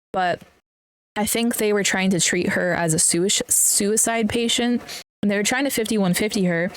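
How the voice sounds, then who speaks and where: A woman's voice: medium pitch, smooth. Young female podcast host, casual storyteller, blunt and profane, mid-range voice. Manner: blunt, swears freely, animated retelling with quoted voices.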